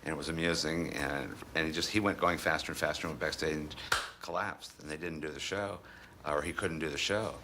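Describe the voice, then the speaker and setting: A man's voice: a bass voice, steady tone, a little fast, noisy background. A man recalling a past show in a casual, meandering way. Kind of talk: casual anecdote.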